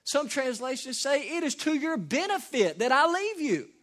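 A man preaching a sermon, animated and folksy, swinging from loud emphatic peaks to quiet asides. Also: extremely high pitch, normal speed. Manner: preaches verse by verse, folksy and conversational. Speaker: pastor.

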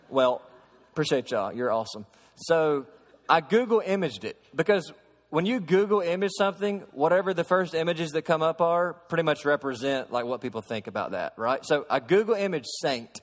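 A man preaching a sermon to a congregation, shifting from soft explaining to loud, emphatic preaching and asking them questions. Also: fairly high pitch, animated, a little fast. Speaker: pastor. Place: church sanctuary. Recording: long hall reverb.

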